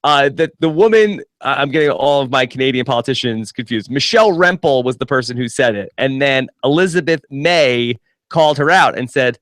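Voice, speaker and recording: A man's voice: medium pitch, animated, brisk, a bit bright, no room sound, studio quality. A man hosting a casual news chat podcast, laughing often and hesitating with many fillers. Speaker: podcast host.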